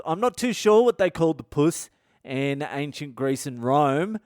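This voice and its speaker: Man, comic monologue, swearing, smooth voice, dry close mic. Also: a little high, no echo. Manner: crude, swearing, animated rants. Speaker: podcast host.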